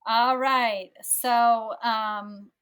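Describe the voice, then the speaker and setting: A woman's voice: fairly high pitch, steady tone, extremely slow, fairly bright tone, smooth. Reassuring woman podcast host. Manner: reassuring, affirming. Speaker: podcast host, lactation consultant. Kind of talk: casual interview.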